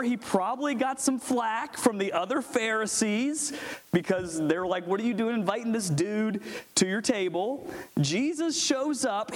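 Male pastor, high-pitched, lively, conversational sermon. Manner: lively, jokey, talks with the congregation.

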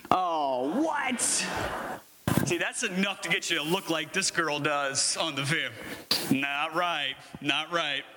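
Lively high-voiced pastor. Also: male voice, slow, background noise. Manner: lively, jokey, talks with the congregation. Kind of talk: conversational sermon with congregation.

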